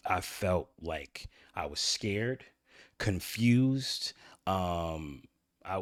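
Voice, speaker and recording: Guy with a lowish voice rambling thru his own story, lots of restarts, dry no-room sound. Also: no echo. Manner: rambling, candid, with frequent restarts. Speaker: channel host. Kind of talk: personal story monologue.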